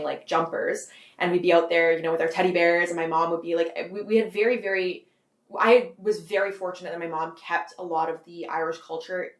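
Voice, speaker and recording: A young Canadian woman in her twenties rattles on quickly in a slightly low voice, piling up "like" as she goes. Her voice rings with a bit of room echo. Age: 20s. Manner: rambling, heavy use of "like", frequent laughs. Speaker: guest author. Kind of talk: casual interview.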